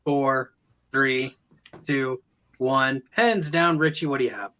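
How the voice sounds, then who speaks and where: A man's voice: medium pitch, fairly even intonation, takes it slowly, pushed and bright, highs cut off, a little hiss or hum. A man hosting an online trivia quiz, reading questions, counting down and joking with the players. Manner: reads questions, counts down, jokes. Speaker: trivia host.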